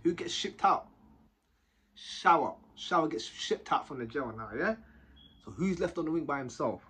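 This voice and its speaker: A young man tells a story to his viewers, animated and full of slang, tagging his sentences with quick questions. His voice sits high for a man and sounds husky, with a bright, sharp edge to it. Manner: animated, slang-heavy, keeps adding tag questions. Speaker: vlogger telling a prison story. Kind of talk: casual storytelling to camera.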